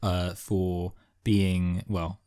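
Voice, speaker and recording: A man in casual podcast chat, quickly retelling cartoon scenes. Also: sits low, little pitch movement, warm tone, clear, resonant tone. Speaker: podcast co-host.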